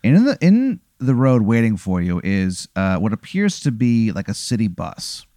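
A man's voice: lowish voice, sing-song, normal speed, dark tone, no echo, studio quality. A man telling an improvised comic story, rambling with plenty of fillers. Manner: rambling, filler-heavy, playful.

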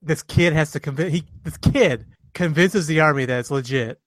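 A man's voice: on the high side, moderate pace, no echo. A man co-hosting a casual podcast chat, rambling and laughing, swearing casually. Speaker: podcast co-host.

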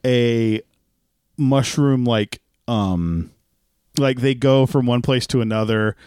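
A man's voice: mid-range voice, slow pace, a little mellow, smooth, no room sound, studio quality. A man co-hosting a podcast in casual chat, rambling and restarting as he tells a story. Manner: rambling, self-interrupting storyteller. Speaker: podcast co-host.

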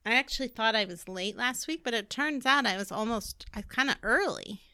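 An American woman co-hosting a podcast in casual chat, playful and quick to joke. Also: a little high, pushed and bright, clean tone, no room sound. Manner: playful, joking, giggly. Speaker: podcast co-host.

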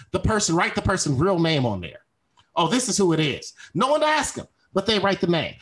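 High-voiced blunt man ranting. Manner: blunt, swearing, animated. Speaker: podcast co-host. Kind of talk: casual podcast rant.

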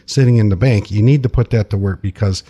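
A man's voice: lowish voice, fast, warm tone, muffled recording. A man who is a financial advisor, talking in a plainspoken, conversational way as a guest on a radio talk show. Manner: plainspoken, conversational, uses folksy sayings.

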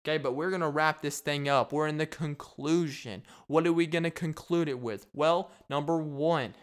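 A man's voice: fairly high pitch, a bit bright, clean tone. A young man hosting a casual solo podcast, rambling and joking, laughing at his own bits. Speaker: podcast host.

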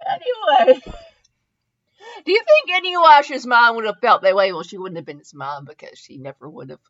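A woman's voice: on the high side, animated, normal speed, fairly bright tone. A young woman hosting a comedy show, reading a fanfiction aloud with mocking asides and spelling out the misspelled words. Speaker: podcast host. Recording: dull lo-fi podcast audio.

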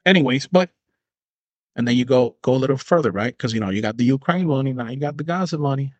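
A man's voice: mid-range voice, expressive, fast talker, darkish tone, no room sound, dull audio. Profane rambling podcast man, dry close sound. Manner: profane, rambling, acts out imagined dialogues. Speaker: podcast host. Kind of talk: casual solo commentary.

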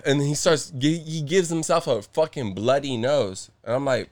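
A young man telling a story in casual chat, acting out the voices of the people in it, swearing freely and breaking into loud bursts. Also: on the high side, moderate pace.

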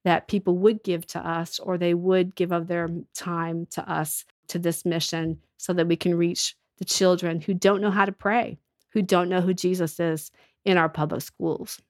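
A woman's voice: lowish voice, level tone, moderate pace, darkish tone, no echo, clean studio sound. A woman with a cold, telling earnest stories as a ministry leader in a casual podcast chat. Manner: earnest storytelling with restarts. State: has a cold.

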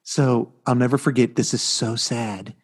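Middle-aged man, podcast co-host, casual chat, animated storyteller. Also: mid-range voice, unhurried, husky.

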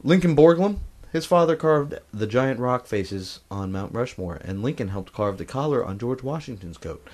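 A man hosting a comedy quiz podcast, crude and quick in his banter. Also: mid-range voice, animated, darkish tone. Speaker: quiz host.

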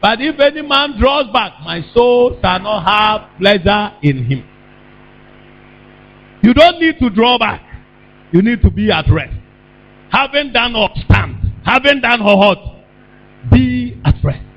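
A man preaches in a high, widely swinging voice, taking his time and drawing words out. He throws questions to the congregation and now and then breaks into a shout. The recording is dull and lo-fi, with a steady mains hum underneath. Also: measured pace, long pauses. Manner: call-and-response preaching, bursts of shouting. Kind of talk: sermon.

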